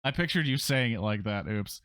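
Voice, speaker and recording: A man's voice: fairly low pitch, animated, normal speed, a bit bright, clear, resonant tone, dry recording. Sarcastic man streaming a story game. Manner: sarcastic, swears freely, breaks into rants. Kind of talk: casual game playthrough, reading aloud.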